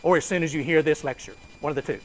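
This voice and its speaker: A man lectures a classroom in a relaxed, conversational way, quizzing the room and tossing in jokes. His voice sits a touch higher than most men's. A faint hiss hangs under the recording. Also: rapid-fire, low-quality recording. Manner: conversational, asks students questions and jokes. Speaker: finance lecturer.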